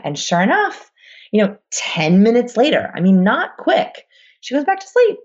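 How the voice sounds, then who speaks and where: A woman's voice: mid-range voice, big pitch swings, moderate pace, highs cut off. A woman, a new mother, chatting casually as a podcast guest, rambling with many fillers.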